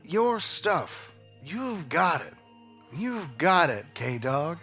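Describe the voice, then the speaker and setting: Man doing a smooth, flattering agent, slow and easygoing with a lively lilt. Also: fairly high pitch, soft background music, exaggerated voice. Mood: reassuring. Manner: reassuring, smooth-talking. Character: slick male showbiz agent, smooth and flattering.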